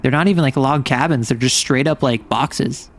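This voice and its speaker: A man's voice: mid-range voice, moderate pace, vocal fry, a little hiss or hum. A man streaming a game and talking through it in a playful, chatty way, reacting to everything with big, exaggerated responses. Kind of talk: casual game commentary.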